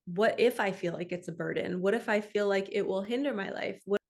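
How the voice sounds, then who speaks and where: A middle-aged woman, a spiritual coach, giving a soft, affirming motivational talk to camera and slowing down for the self-talk phrases. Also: medium pitch, creaky.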